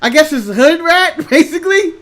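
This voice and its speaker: A man's voice: very high-pitched, animated, moderate pace, a bit bright. A man co-hosting a casual chat show, laid-back and opinionated, rambling through his takes. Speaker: co-host.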